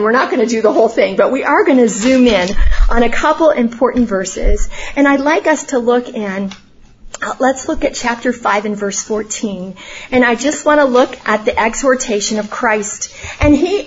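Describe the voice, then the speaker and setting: A middle-aged woman with a high voice delivers a prayer and a Bible talk in an earnest, conversational manner. She often turns points into rhetorical questions for her listeners. The recording sounds dull and lo-fi. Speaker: speaker at a church gathering.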